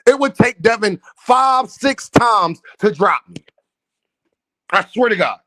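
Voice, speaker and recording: A man's voice: high voice, expressive, slow, noisy background. A man hosting a boxing livestream, ranting at his viewers in a brash, profane, mocking way. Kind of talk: heated livestream rant at viewers.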